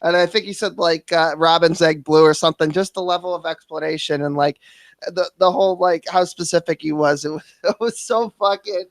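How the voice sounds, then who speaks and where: A man's voice: a little high, fairly even intonation, a little fast, dry recording. A man hosting a stream in laid-back, profane casual chat, joking crudely with his guest. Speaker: streamer host.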